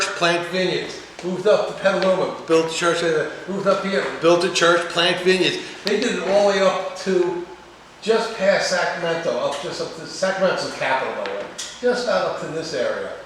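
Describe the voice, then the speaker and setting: A man lectures a class in a loose, rambling way, repeating words and tossing questions at his students. His voice sits a little high. He is recorded from a distance in a very echoey room, with faint background noise. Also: a bit bright. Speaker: cooking instructor.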